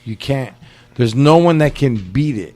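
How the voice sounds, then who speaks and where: A man's voice: mid-range voice, animated, a little slow, darkish tone, faint music behind. A man hosting a podcast in casual chat, skeptical and teasing, using a lot of slang. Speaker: podcast host.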